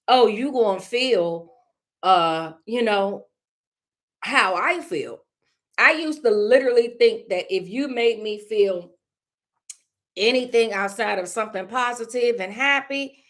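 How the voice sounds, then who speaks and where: A woman hosting a casual live stream, talking candidly to viewers in a loose, conversational way and often clearing her throat. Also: medium pitch.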